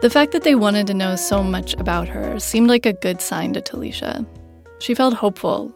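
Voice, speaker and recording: A woman reporter reads documentary narration in a measured, even way. Her voice carries a gravelly, creaky texture at a mid pitch. Soft music runs faintly beneath her. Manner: measured, plain storytelling.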